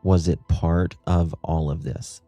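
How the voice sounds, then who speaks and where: Male livestream host, deep mellow voice, dry close sound, ponders aloud. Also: level tone, takes it slowly, no echo, soft background music. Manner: musing, thinks aloud with rhetorical questions. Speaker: true-crime livestream host. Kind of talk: casual livestream commentary.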